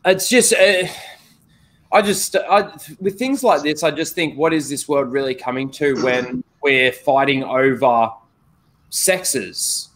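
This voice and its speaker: A co-host on a casual live stream who sounds exasperated and swears a lot. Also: male voice, mid-range voice, slow pace, a bit bright, a little hiss or hum. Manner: exasperated, profane. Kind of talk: casual livestream chat.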